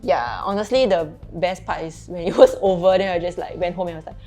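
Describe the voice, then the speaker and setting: A woman's voice: lowish voice, quick pace, mellow, soft background music. A woman hosting a casual chat with a Singaporean accent, chatty and acting out quotes with big voices. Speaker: host.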